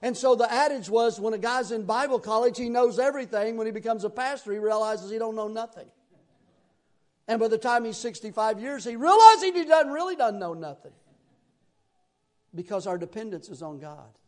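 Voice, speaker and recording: A middle-aged man from Tennessee with a Southern accent, preaching a sermon in a folksy, rambling way with sudden loud bursts. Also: sits high, a little fast. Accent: Southern American. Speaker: pastor.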